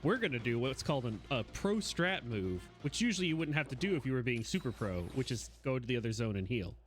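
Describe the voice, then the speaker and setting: Male streamer, playful live commentary, lively pitch, game music underneath. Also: fast talker. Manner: playful, talks to the monsters.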